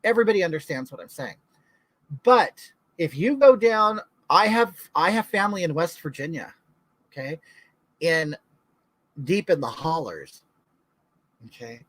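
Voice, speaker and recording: A man's voice: a little high, big pitch swings, unhurried, long pauses, no echo, low-quality recording. Man, from California, livestream host, chatty, gossipy, dry close sound. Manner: gossipy, chatty, talks straight to viewers. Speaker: livestream host reading viewer chat. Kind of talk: casual chat.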